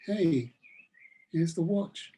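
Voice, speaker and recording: A man voicing a calm, quiet little boy in a told story. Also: fairly high pitch, very slow, breathy edge, full character voice.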